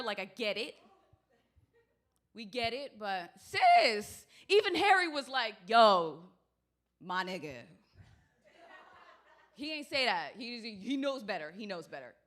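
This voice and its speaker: A woman doing stand-up comedy, telling stories in a brash, profane, animated way. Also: on the high side, normal speed.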